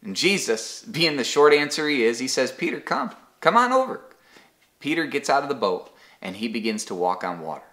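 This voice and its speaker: A man with a mid-range, fairly bright voice speaks a little fast with few pauses, leading an online Bible study in a casual, conversational devotional style. He often repeats a word as he restarts and offers everyday examples.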